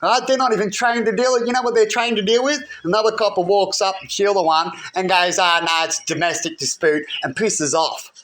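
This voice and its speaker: A man's voice: high-pitched, fairly quick, few pauses, a bit bright. A man ranting heatedly to camera, rambling and often asking "right?". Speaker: vlogger. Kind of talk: agitated personal rant.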